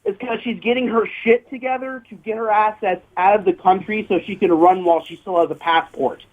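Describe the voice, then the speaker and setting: A man's voice: high voice, steady tone, brisk. A man calling in to a show, jokey and gleeful, heard over a phone line. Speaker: caller. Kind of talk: casual call-in chat.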